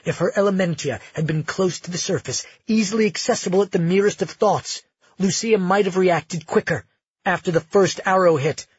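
A male audiobook narrator telling the story in a measured, dramatic way. His voice is husky and a little high. The recording is dry and dull, with a lo-fi sound. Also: no room sound.

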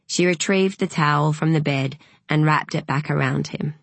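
Low, breathy woman narrating slowly. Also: dry recording. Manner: measured, unhurried storytelling. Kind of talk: audiobook narration.

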